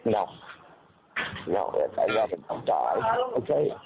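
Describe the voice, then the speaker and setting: An injured man pleads urgently from a hospital, his voice low and strained with pain. The recording is dull and lo-fi. A loud hiss runs underneath. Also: sing-song, slow pace, vocal fry.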